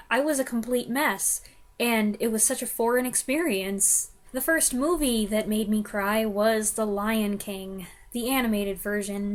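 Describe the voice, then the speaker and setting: A young woman vlogger chatting to the camera, self-deprecating and laughing often. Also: mid-range voice. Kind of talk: casual chat to camera.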